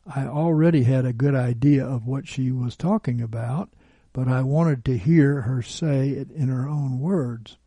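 A man's voice: mid-range voice, measured pace, mellow, slightly rough, dry recording. A man narrating a personal account in an earnest, pleading storytelling manner.

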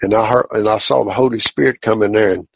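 A man tells his religious testimony in a folksy, plainspoken, halting way, on a dull lo-fi recording. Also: fairly low pitch, fairly even intonation, creaky, husky, dry recording. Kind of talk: personal testimony storytelling.

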